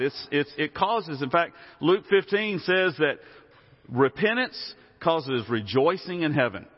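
A man preaching a sermon in a conversational way, often asking the congregation questions. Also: on the high side. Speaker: pastor. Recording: muffled sound with long hall reverb.

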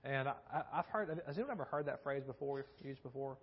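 A man's voice: medium pitch, lively intonation, fast talker, breathy edge. A man giving a conversational sermon, telling a story with many restarts and repeated words and asking his listeners questions. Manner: asks the audience questions. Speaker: preacher teaching a Bible class. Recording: dull lo-fi recording.

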